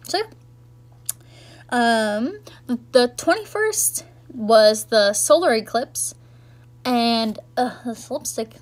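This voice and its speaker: A young woman talks straight to the camera in a loose, rambling vlog style. She fills her sentences with "like" and "um", and her voice sits a little high. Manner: chatty, rambling, lots of "like" and "um". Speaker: vlogger. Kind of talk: casual chat recapping the year.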